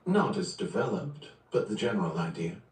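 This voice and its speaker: A man's voice: lowish voice, moderate pace, natural voice. A man reading aloud plays an eager, poetic-minded scientist who speaks with enthusiasm. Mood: enthusing. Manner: enthusiastic, lively. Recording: roomy, distant from the mic.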